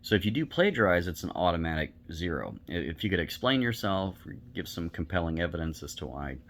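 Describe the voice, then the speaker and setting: Blunt low-voiced male teacher. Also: very animated, a little fast. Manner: blunt, conversational, many fillers. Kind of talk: recorded online lecture.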